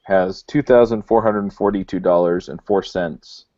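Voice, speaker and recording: A man's voice: deep voice, moderate pace, mellow. A man co-hosting a podcast, explaining a grievance in casual chat. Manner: aggrieved, explaining himself. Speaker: podcast co-host. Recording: dull lo-fi sound.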